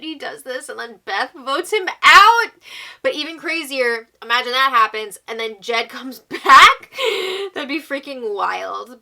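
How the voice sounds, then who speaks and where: A young woman hosting a casual recap, talking quickly and reacting with exclamations as she quotes people. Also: a little high, gravelly, pushed and bright. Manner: chatty, exclaiming, quoting houseguests. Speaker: recap host. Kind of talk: casual reality-show recap.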